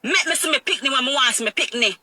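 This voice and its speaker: A woman's voice: high-pitched, quick pace, bright, forceful tone, slightly rough, dry recording. A middle-aged woman with a Jamaican accent, telling her own painful story in a raw, emotional way and repeating her phrases. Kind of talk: emotional personal testimony.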